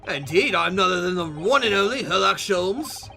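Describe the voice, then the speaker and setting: A man's voice: sits high, animated, moderate pace, vocal fry, bright, forceful tone, faint music behind, heavily acted. A man voicing a pompous, eccentric British detective with a put-on British accent and a theatrical, grandiose delivery.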